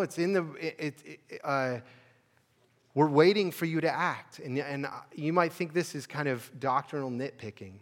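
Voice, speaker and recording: Guy preaching a sermon, kinda high voice, chatty then punchy, church echo. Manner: conversational preaching with restarts, building to emphatic peaks. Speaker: pastor.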